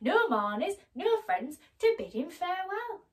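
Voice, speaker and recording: A woman voicing a male gravedigger who remarks loudly and matter-of-factly. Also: very high voice, big pitch swings, measured pace, recorded from a distance, pitched above the performer's own voice, exaggerated voice. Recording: voice a little off-mic.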